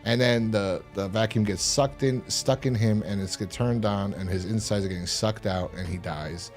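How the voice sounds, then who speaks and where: A man co-hosting a podcast, casually recapping a horror episode with lots of restarts and sudden loud mock voices. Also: fairly low pitch, normal speed, soft background music. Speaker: podcast co-host.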